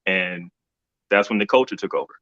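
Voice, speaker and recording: A man's voice: deep voice, brisk, highs cut off. A middle-aged man co-hosting a casual livestream discussion, retelling events in a rambling way with many restarts. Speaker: co-host. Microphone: video call.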